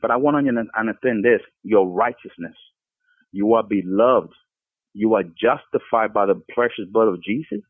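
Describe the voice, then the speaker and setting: A man's voice: fairly low pitch, moderate pace, breathy edge, dry recording. Earnest man on a tinny phone line. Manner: earnest, stumbling restarts. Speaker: podcast guest. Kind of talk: casual Christian testimony.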